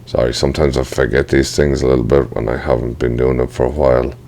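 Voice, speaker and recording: A man giving a casual screen-recorded software tutorial, thinking aloud and apologizing for small slips. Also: a bass voice, flat delivery, fast, gravelly, a little hiss or hum.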